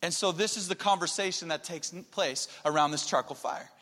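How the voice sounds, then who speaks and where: A man's voice: on the high side, fairly quick, bright, forceful tone, long reverb tail. A man preaching a sermon as pastor, talking in an earnest, conversational way. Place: church sanctuary.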